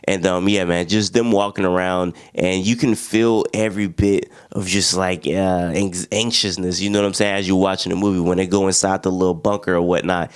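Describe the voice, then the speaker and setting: A man's voice: low voice, a little fast, hardly any pauses, smooth, dry recording, studio quality. A young man, casually recapping a war movie and acting out the characters' lines. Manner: slangy, animated retelling with acted-out quotes. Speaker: film reviewer.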